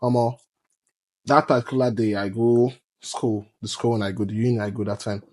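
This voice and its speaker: A young Nigerian man with a Nigerian accent speaks emphatically in casual podcast chat, mixing Pidgin into his English. His voice is medium-pitched and darkish, brisk in pace with fairly even intonation.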